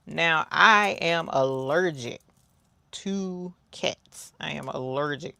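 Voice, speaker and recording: Slow, gravelly woman chatting. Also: low voice, pushed and bright, no room sound. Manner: chatty storyteller, talks to viewers, reads out chat comments. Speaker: crafting livestream host. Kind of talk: casual livestream chat.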